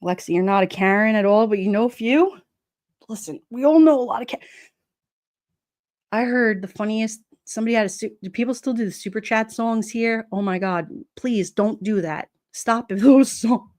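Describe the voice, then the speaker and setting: A woman's voice: fairly high pitch, normal speed, a little mellow, no room sound, clean studio sound. Blunt New York woman laughing often. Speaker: livestream host. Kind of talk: casual live-chat talk.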